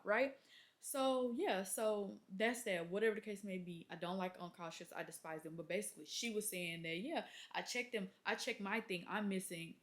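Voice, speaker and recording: A young woman, a nurse, venting casually to camera, exasperated and animated as she acts out conversations. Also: medium pitch. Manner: exasperated, animated storytelling with acted-out quotes. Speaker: labor and delivery nurse, vlogger.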